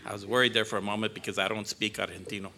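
In a church sanctuary, a guest preacher in his sixties opens his sermon choked up, joking at his own expense. His voice sits on the low side with little pitch movement, and he talks very fast while a crowd murmurs in the background.

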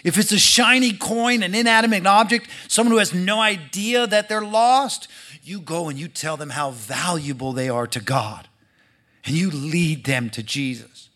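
A man preaching a sermon to his church, acting out the people in the story and swinging between loud and hushed delivery. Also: sits high, normal speed. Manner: animated, acts out quoted voices, swings from loud to hushed. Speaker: pastor.

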